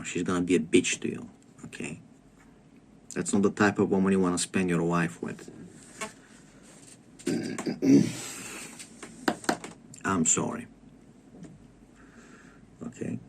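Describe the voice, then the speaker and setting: A man's voice: fairly low pitch, darkish tone. A man delivering a comedic rant to camera, crude and profane, lecturing with stammered restarts. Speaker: comedic vlogger.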